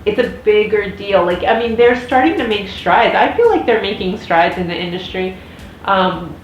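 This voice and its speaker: A woman in her thirties with an American accent, rambling through a casual vlog rant with many fillers and restarts. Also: mid-range voice. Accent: General American. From United States. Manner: chatty, frequent restarts and fillers. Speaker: vlogger. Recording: echoey room with faint noise.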